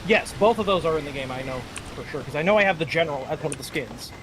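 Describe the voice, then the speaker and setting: A man in a casual chat, upbeat and chatty with quick asides. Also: on the high side, lively intonation, noisy background. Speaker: co-host of a gaming chat. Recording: music playing behind the voice.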